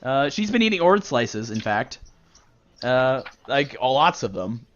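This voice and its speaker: A man's voice: medium pitch, big pitch swings, unhurried. A man narrating a tabletop game as game master, rambling casually with many fillers. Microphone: voice chat. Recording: dull lo-fi voice chat.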